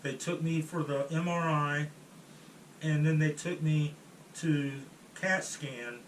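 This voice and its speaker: A man telling a first-person story in a halting way, often restarting and trailing off mid-sentence. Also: on the high side, fairly even intonation. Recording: roomy echo, distant mic, faint room noise.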